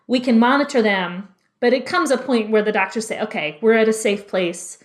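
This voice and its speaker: A woman's voice: fairly high pitch, normal speed. A woman in her thirties, a former labor and delivery nurse, telling a story as a podcast guest and acting out what she said back then. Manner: lively storyteller who acts out her own lines in quotes.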